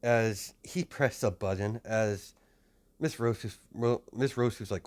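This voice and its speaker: A man's voice: on the low side, takes it slowly, darkish tone. A man improvising a fan story narration, rambling and hesitant with many restarts.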